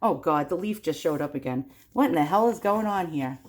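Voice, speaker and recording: A woman's voice: sits low, animated, a little fast, slight background noise. A woman hosting a video, reading old rhyming stories aloud and laughing as she comments on the pictures. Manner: amused, laughs often, exclaims at the pictures. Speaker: video host.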